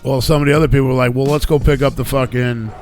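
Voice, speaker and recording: A man hosting a live radio show, telling a story in a casual, profane, animated way and getting heated when he quotes himself. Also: medium pitch, fast, soft background music.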